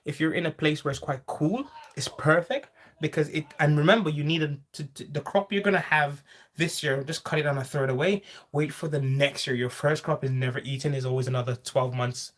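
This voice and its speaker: A farming livestream host chats briskly and in a lively way while reading viewer comments. He breaks into sudden high-pitched exclamations throughout the casual live chat.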